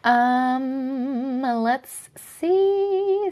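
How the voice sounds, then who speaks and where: A woman's voice: on the high side, expressive, normal speed, lo-fi sound. Chatty Long Island woman, swears freely. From Long Island, New York. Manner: chatty and blunt, swears freely, riled up when annoyed. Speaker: host reading viewer stories on a live stream. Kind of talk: casual live-stream chat and story reading. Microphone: phone mic, held close or clipped to her shirt.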